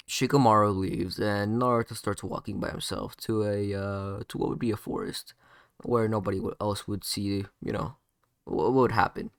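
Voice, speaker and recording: A man's voice: fairly low pitch, fairly bright tone, clear, resonant tone, dry recording, clean studio sound. A man casually narrating an improvised fan story, rambling with many fillers and self-corrections.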